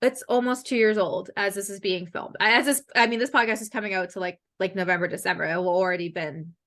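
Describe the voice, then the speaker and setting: A woman's voice: mid-range voice, fairly even intonation, quick pace, a bit bright. Young woman from Canada, podcast host; loose, chatty delivery with frequent swearing. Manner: chatty, swears freely, laughs often. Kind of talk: casual podcast interview.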